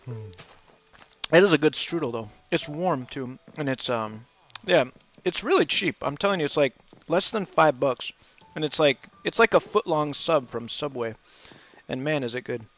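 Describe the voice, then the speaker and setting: A man's voice: a little high, expressive, normal speed, fairly bright tone, faint music behind. A man chatting casually while he hosts a game livestream, rambling and laughing often. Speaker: livestream host, English teacher. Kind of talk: casual chat while gaming.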